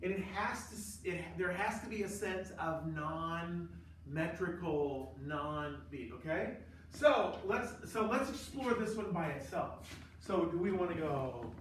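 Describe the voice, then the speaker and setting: A man's voice: a little high, expressive, measured pace, a little hiss or hum. A man teaching a choral conducting class, lecturing emphatically with sarcastic asides. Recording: echoey room, distant mic.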